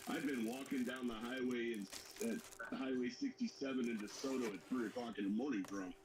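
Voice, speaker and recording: A man's voice: medium pitch, steady tone, fairly quick. A man in casual chat, telling stories in an easygoing way and stumbling over the starts of sentences. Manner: laid-back storyteller, stammers at starts. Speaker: co-host. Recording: echoey room with background noise.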